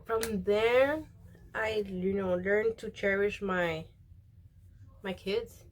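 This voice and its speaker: A woman's voice: mid-range voice, extremely slow, slight background noise. Woman chatting casually while doing her makeup. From Mexican. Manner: rambling, many fillers, quotes others. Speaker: beauty vlogger.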